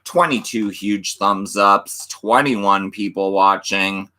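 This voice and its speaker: Deep, slow-talking man host. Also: pushed and bright. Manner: reads chat aloud, mock auctioneer banter. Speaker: livestream host. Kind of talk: casual livestream chat.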